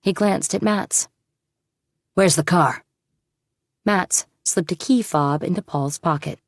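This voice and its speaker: A woman narrates an audiobook with a low, gravelly voice at a slow, measured pace. Her steady delivery sits close to the mic in a dry, dead room. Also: no room sound. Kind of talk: scripted narration.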